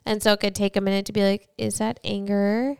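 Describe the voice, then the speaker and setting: Woman co-host, crisp clear voice, mid pitch, relaxed and chatty. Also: fairly quick. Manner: relaxed, frequent fillers. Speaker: podcast co-host. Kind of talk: casual podcast chat.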